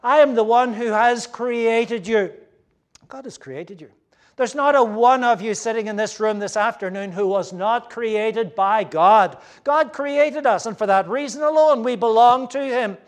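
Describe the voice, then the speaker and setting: Man, preacher, fairly high voice, earnest sermon, emphatic then hushed. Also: normal speed. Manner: earnest and emphatic, swinging between loud stresses and hushed asides. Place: room with a gathered audience.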